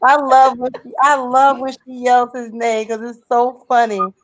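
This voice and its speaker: A woman co-hosting a casual online group chat, talking freely and laughing easily, quick to agree and share her annoyance. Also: a little high, little pitch movement, poor audio.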